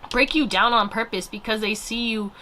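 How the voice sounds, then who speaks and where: A woman's voice: fairly high pitch, moderate pace, pushed and bright, slight background noise. A woman giving a casual pick-a-card tarot reading, rambling and swearing freely with lots of fillers. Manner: rambling, profane, filler-heavy. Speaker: tarot reader.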